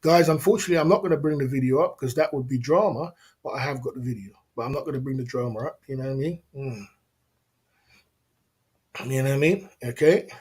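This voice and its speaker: A man's voice: medium pitch, quick pace, a little mellow. A man hosting a livestream, ranting indignantly in slangy, repetitive casual talk with frequent laughs. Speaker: livestream host.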